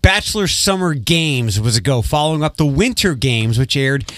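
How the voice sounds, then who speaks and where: A man's voice: medium pitch, expressive, normal speed, fairly bright tone. A man hosting a morning radio show, chatty as he talks with a guest and reads entertainment news. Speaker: radio host.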